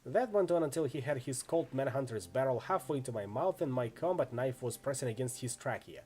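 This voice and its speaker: A man's voice: medium pitch, lively intonation, brisk, a little mellow, lightly acted. Man voicing a brash female mercenary. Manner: chatty, wry storytelling. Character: brash tough female mercenary, story-loving.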